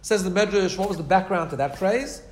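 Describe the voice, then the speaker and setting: A man's voice: high voice, a little fast. A man giving a Torah class with an Orthodox Jewish English and Ashkenazi Hebrew accent. He talks in a chatty way, repeats words and keeps asking "right?". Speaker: Torah teacher.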